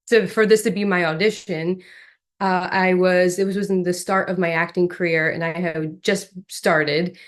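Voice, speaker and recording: A young adult woman, an actress, telling animated stories as an interview guest. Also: lowish voice. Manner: animated, lively storyteller. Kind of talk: storytelling in an interview.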